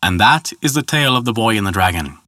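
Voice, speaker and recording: Bright-voiced male storyteller. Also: lowish voice, dry recording, clean studio sound. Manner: measured, even storytelling. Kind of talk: scripted storytelling narration.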